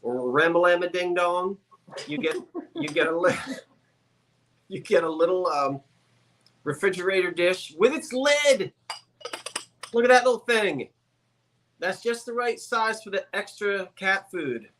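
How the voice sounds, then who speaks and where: A man's voice: sits high, lively intonation, a little slow, a bit bright, a little hiss or hum. A man selling items on a live sale stream, with chatty, joking sales patter. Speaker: guest seller on a live sale.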